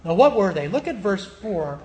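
High-voiced man preaching with emphasis. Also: sing-song, normal speed, a little mellow, echoey room, a little hiss or hum. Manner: emphatic, stretches key words, checks in with rhetorical questions. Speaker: pastor. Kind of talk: sermon with scripture reading.

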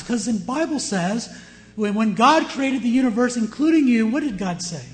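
A male pastor preaching a sermon, swinging between loud emphasis and quiet asides and putting rhetorical questions to the congregation. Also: high voice, rough recording.

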